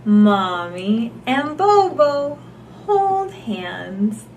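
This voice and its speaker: High, sing-song woman reading a picture book. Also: big pitch swings, extremely slow, pauses often, a little hiss or hum. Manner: gasping, exaggerated, coaxing questions to a child. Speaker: storyteller for babies and toddlers. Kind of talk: animated picture-book read-aloud.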